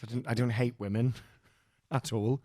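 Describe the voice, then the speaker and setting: A man's voice: medium pitch, steady tone, normal speed, dark tone. Sweary Welsh man telling stories. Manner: rambling, sweary, self-mocking. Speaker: podcast host. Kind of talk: casual storytelling chat.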